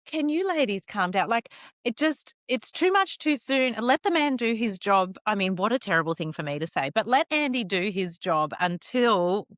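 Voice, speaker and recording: A woman with an Australian accent, co-hosting a podcast in animated, casual chat. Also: medium pitch, dry recording, studio quality. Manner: animated, chatty, quick to laugh. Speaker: podcast co-host.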